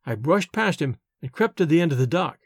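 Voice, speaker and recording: High, lively male storyteller. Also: husky, no echo, clean studio sound. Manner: expressive, measured literary reading. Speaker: audiobook narrator. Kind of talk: scripted narration of a novel.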